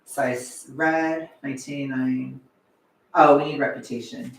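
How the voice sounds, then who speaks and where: A young man chatting casually on a livestream, animated and chatty, sometimes swearing, laughing often, heard from a distance. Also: medium pitch, normal speed, a little hiss or hum. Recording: echoey room, away from the mic.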